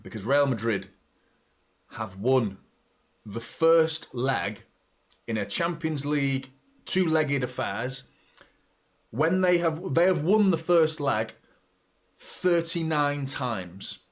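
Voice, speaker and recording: A middle-aged man, hosting a live football watchalong, chatting and reacting loudly to the play, with some swearing. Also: mid-range voice, animated, slow pace, long pauses. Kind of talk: live match watchalong commentary.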